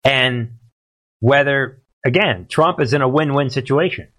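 A man's voice: mid-range voice, a little slow, fairly bright tone. A man hosting a political livestream, commenting in a rambling, emphatic way and talking to his chat.

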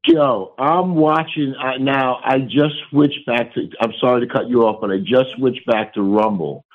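Excitable male caller on a tinny phone line. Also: medium pitch, unhurried. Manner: excitable, swears freely. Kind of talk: casual phone-in chat.

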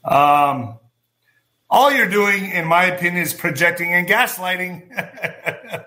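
A man's voice: sits high, animated, slow pace, pauses often, sharp tone. A man ranting bluntly and profanely as a commentary vlogger, talking straight to his viewers. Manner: blunt, swearing, emphatic, addresses viewers as folks. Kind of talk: profane political commentary rant.

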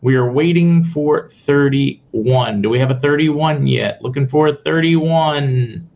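A man hosting a casual live stream, reading posts aloud fast and adding sarcastic asides to his viewers. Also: a little high, vocal fry. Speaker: host. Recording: muffled audio with faint noise.

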